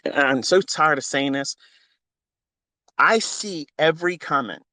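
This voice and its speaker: This trading mentor, a middle-aged man, speaks unhurriedly into a phone in a high, pushed, bright voice. His monologue is fervent and preachy, weaving faith together with casual profanity. The recording is dry.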